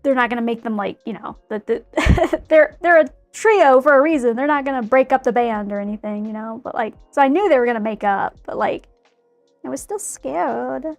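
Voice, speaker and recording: High-voiced young woman rambling and giggling, dry close sound. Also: expressive, moderate pace, no echo, faint music behind. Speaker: streamer painting a figure. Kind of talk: casual chat while crafting.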